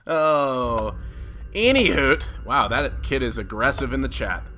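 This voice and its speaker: A young man giving jokey, excitable commentary on his own game as he plays. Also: mid-range voice, unhurried. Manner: excitable, jokey, self-mocking. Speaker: gaming video host. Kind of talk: casual gameplay commentary.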